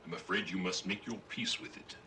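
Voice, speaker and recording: A man's voice: deep voice, brisk, crowd noise, lightly acted. A man voicing a pompous robot ship captain in a video game, with formal old-fashioned speech. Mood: stately.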